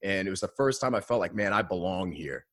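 A man telling a personal story in a casual interview, earnest and animated, often adding "man.". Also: deep voice, fast talker, dry recording, studio quality. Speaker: guest.

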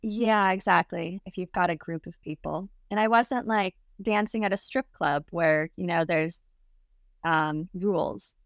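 A woman guest telling a story in a casual, lively way. She laughs often and acts out the people she quotes. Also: lowish voice, a little slow, dry recording, studio quality. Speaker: interview guest.

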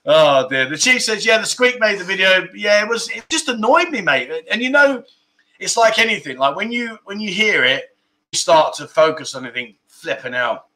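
A man's voice: high voice, big pitch swings, normal speed, bright, forceful tone. A man hosting a casual livestream, chatting and reading viewer comments, laughing often and tripping over his words. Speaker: livestream host.

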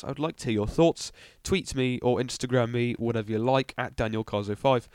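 A young man hosts a casual podcast about car news, rambling along with ums and small asides. His voice is mid-range and the recording has no room sound.

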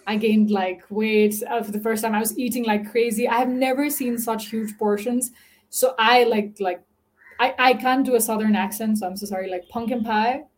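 A woman from Nepal, chatting as a podcast guest, animated and laughing often between filler-laden sentences. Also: on the high side, normal speed. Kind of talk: casual interview chat.

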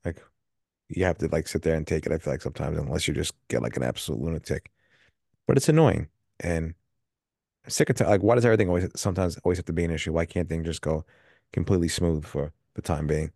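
A man's voice: very deep voice, quick pace, vocal fry, mellow, dry recording, clean studio sound. A man co-hosting a podcast, sympathetic and complaining along in casual chat. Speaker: podcast co-host.

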